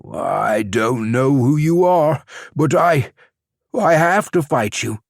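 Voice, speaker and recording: A man's voice: mid-range voice, lively intonation, takes it slowly, no echo, studio quality, pitched above the performer's own voice. A man voicing a frightened young male soldier who stammers and pleads. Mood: nervous, desperate.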